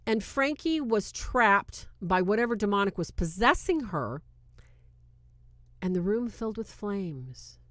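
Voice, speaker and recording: A woman hosting a casual film review, with a voice of ordinary pitch for a woman. Her delivery is animated and incredulous, and her pitch often jumps up when something strikes her as absurd. The sound is dry and close, with no room echo. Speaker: video host. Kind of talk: casual movie review commentary.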